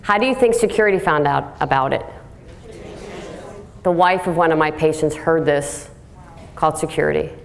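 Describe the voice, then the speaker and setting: A woman's voice: deep voice, normal speed, gravelly, long pauses. A woman giving a live talk to an audience, direct and plain-spoken, telling stories and acting out what people said. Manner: lively storytelling, acts out quotes. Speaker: workplace speaker.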